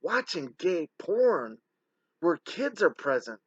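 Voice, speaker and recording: A man's voice: high-pitched, big pitch swings, takes it slowly, a bit bright, breathy edge, no room sound. A man giving a heated, scornful commentary voice-over as an online scam exposer, with a dull, slightly lo-fi recording.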